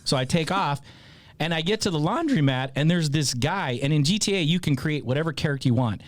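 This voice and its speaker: Animated, swearing man telling a story. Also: on the high side, brisk, no room sound. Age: adult with a child. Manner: animated, profane, laughing storyteller. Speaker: podcast host. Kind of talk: casual storytelling.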